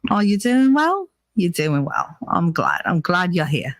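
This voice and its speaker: A woman's voice: on the low side, sing-song, measured pace, no room sound, studio quality. A woman putting on a put-on British accent to play a chirpy British lady who coos over a viewer in a sing-song way. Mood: cooing.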